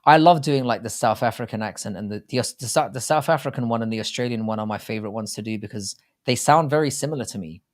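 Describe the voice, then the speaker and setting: A man's voice: medium pitch, quick pace, few pauses. An English man co-hosting a casual live stream, talking in a rambling, chatty way and often restarting his sentences. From England. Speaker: co-host.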